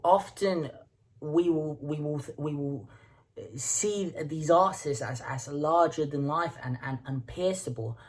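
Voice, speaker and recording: A woman's voice: low-pitched, slow, darkish tone. A woman hosting a music reaction video, talking casually and stumbling over repeated words as she thinks aloud.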